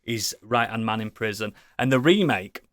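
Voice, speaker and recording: A man's voice: lowish voice, animated, moderate pace, a bit bright, no room sound, clean studio sound. A British man co-hosting a casual podcast, rambling enthusiastically with lots of swearing and restarts. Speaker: podcast co-host. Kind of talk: casual chat.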